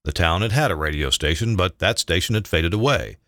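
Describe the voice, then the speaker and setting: An older man reading his own memoir aloud in a measured, reflective way. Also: low-pitched, expressive, sharp tone, dry recording, studio quality.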